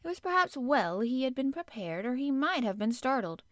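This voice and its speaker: A woman narrating a children's classic in a measured storytelling manner. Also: high-pitched, very animated, no room sound, clean studio sound. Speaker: audiobook narrator. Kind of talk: scripted narration.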